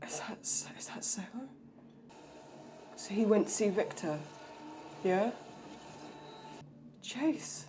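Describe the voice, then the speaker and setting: A woman's voice: mid-range voice, animated, takes it slowly, long pauses, mellow, in a whisper. A young adult woman with a cold, reacting to a TV episode in emotional, exclamatory commentary with frequent swearing. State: sick with a cold. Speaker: reaction video host.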